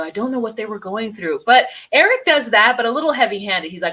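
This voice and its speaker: A woman's voice: on the high side, quick pace, breathy edge. A woman co-hosting a podcast, chatting casually about a reality show, laughing and acting out quotes. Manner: animated, laughs often, acts out quotes. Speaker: podcast co-host. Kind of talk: casual reality TV recap chat.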